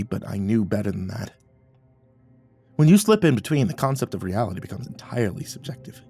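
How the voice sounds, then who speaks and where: A man with a low voice tells a first-person horror story with dramatic swells. Soft music runs quietly beneath his narration. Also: gravelly, husky. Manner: dramatic, rising to near-shouts at tense moments. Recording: faint music underneath.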